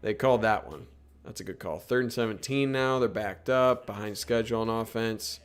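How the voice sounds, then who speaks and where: A young man casually breaking down football film live, reacting with quick exclamations as plays unfold. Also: lowish voice, clear, resonant tone, faint music behind. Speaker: podcast co-host.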